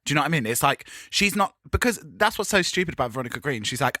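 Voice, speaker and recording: A man's voice: mid-range voice, rapid-fire, few pauses, pushed and bright, no room sound, clean studio sound. A man in his thirties co-hosting a podcast, camp and sweary, gushing and slipping into quoted voices. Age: 30s. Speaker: podcast co-host. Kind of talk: casual chat.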